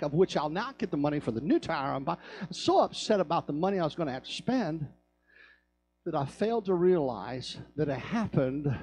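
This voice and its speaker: A pastor preaches a sermon in a church sanctuary, telling stories and building to fervent calls. His voice sits on the high side and is a little mellow.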